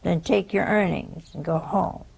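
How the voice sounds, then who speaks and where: A woman preaches slowly and tells her story in a folksy way, with asides to her viewers. Her voice is gravelly and husky. She takes her time. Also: fairly low pitch, fairly even intonation, a little mellow, low-quality recording. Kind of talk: sermon.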